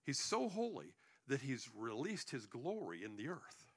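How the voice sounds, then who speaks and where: A man's voice: mid-range voice, huge pitch swings, a little slow, slightly rough. A male pastor preaching a sermon to his congregation, joking between points and often restarting his sentences.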